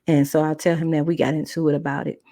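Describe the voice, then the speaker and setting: A woman's voice: quick pace, no echo, studio quality. A woman hosting a podcast who tells a personal story in a casual, colloquial way and acts out the other people in it. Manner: animated, acts out quotes with big pitch jumps; conversational, colloquial, with restarts. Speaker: podcast host.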